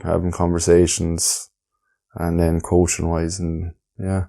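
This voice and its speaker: Young Irish man, very low flat voice, laid-back casual chat, trails off. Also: slow, gravelly. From Ireland. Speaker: podcast guest.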